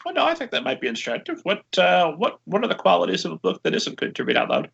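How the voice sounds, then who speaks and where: Man, podcast host, gravelly voice, chatty eager questions, dull muffled audio. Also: high voice, huge pitch swings, quick pace, fairly bright tone. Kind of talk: casual interview conversation.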